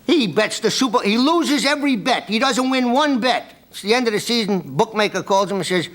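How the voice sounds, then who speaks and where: A middle-aged man, a comedian guest, telling jokes on a TV talk show with an animated storyteller's timing. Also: sits high, brisk. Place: TV studio before an audience.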